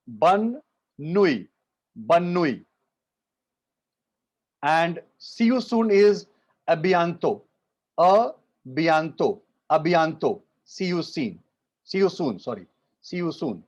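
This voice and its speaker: A man with an Indian accent teaching French in an online class, repeating each phrase slowly and mixing English with Hindi. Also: high-pitched, a little mellow. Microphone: video call. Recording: muffled video call audio.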